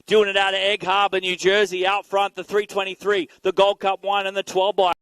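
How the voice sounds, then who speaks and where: A man giving energetic live play-by-play commentary at an outdoor BMX race, calling out riders and bike numbers. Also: sits high, a little fast, clear, resonant tone, no room sound. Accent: Canadian. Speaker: race announcer.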